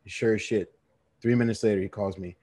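Animated man telling a story. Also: on the low side, quick pace, no echo. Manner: animated storyteller, acts out friends' voices and laughs a lot. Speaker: podcast co-host. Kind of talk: casual storytelling chat.

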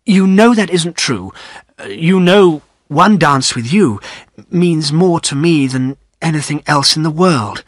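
A man doing a pleading young gentleman. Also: a little high, animated, takes it slowly, dry recording, voice pushed up.

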